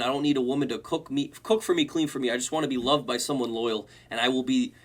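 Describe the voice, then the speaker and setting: A man's voice: medium pitch, steady tone, fast talker. A young man hosting a reaction video, mockingly reading online comments aloud. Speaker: host.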